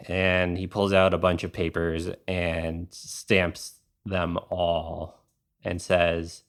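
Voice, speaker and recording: A man narrating a tabletop game as the game master, in calm and unhurried narration. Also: sits low, clean tone.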